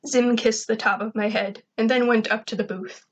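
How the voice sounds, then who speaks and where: A woman reading fan fiction aloud in plain, even first-person narration. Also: on the high side, normal speed, dull audio. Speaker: reader.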